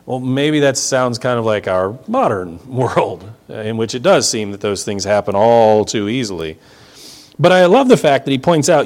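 Animated male Bible teacher. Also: medium pitch, normal speed. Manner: conversational, emphatic, explains verse by verse. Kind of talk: expository sermon.

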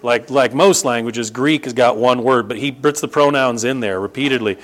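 Sermon preacher, man, middle-aged, emphatic, explains scripture, mid-range pitch. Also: moderate pace. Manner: emphatic, rises to sharp high bursts and repeats "no, no, no"; teaching, explains Greek grammar to the congregation. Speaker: pastor.

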